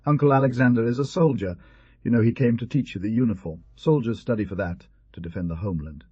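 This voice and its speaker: A grave, earnest father explains big ideas to his small son with emphasis, as a male storybook reader puts him on. The voice is husky and mellow. The recording is dry and lo-fi. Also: mid-range voice, quick pace, no room sound, close to an everyday voice. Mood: earnest explaining.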